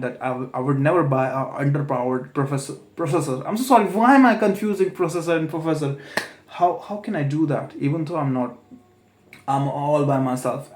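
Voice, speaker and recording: A man's voice: mid-range voice, darkish tone. A young man, rambling alone in a home vlog, hesitant with many fillers and self-corrections. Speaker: vlogger. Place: room at home at night. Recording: echoey room.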